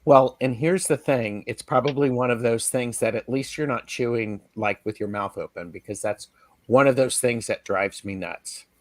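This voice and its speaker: A man's voice: medium pitch, normal speed, no room sound. A man co-hosting a live tarot stream in casual chat, rambling and circling back as he talks. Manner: rambling and chatty, with many restarts and fillers.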